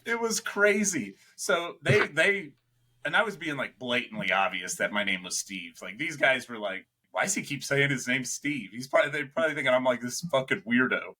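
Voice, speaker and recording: A man's voice: medium pitch, lively intonation, moderate pace, sharp tone, breathy edge. A young man, a podcast co-host, telling a rambling, swearing anecdote in casual chat, laughing as he goes.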